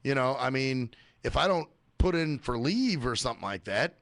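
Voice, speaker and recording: A man's voice: medium pitch, animated, moderate pace, fairly bright tone, no room sound, clean studio sound. A man hosting a radio show, ranting in a profane, sarcastic monologue. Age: adult working age.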